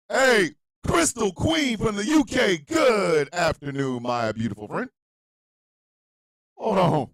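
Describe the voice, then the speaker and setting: A man hosting a comedic live internet radio show, ranting loudly and bluntly in crude slang to his listeners, often shouting. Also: high voice, takes it slowly, gravelly, no echo, poor audio. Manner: loud, animated, often shouting and laughing.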